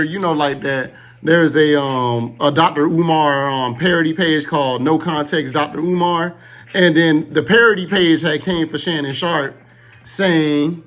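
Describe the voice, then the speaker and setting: A young man co-hosting a podcast, telling a story in a laid-back, slangy way full of fillers. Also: a little high. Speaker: podcast co-host. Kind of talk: casual podcast chat.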